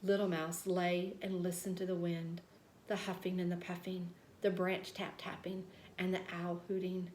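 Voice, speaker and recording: A woman reading a children's story aloud, gentle and expressive. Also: fairly low pitch, moderate pace, slight background noise. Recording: roomy echo.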